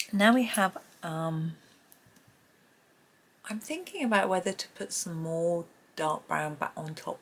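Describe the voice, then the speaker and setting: A middle-aged woman talking softly and chattily through a colouring tutorial, often half-whispering. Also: low voice, creaky, a little hiss or hum. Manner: soft-spoken, often half-whispering, chatty with small laughs. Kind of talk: casual narrated drawing tutorial.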